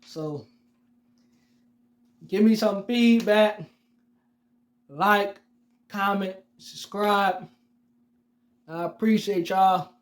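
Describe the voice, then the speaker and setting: A man's voice: sits high, extremely slow, long pauses. A man hosting his own sports podcast, ranting heatedly and mockingly at rival fans and repeating himself for emphasis. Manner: heated, repetitive, addresses fans directly; mocking and teasing. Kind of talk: solo sports rant.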